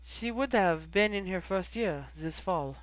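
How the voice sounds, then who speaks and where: A reader doing a soft-spoken grieving young woman. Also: medium pitch, lively intonation, a little slow, no echo, close to an everyday voice, poor audio. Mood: quiet. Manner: soft, quiet delivery.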